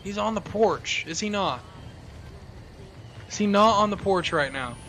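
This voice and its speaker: A man playing a horror game on his channel, jumpy and profane, yelling whenever he gets scared. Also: sits high, lively intonation, unhurried, slight background noise. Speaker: gaming video host.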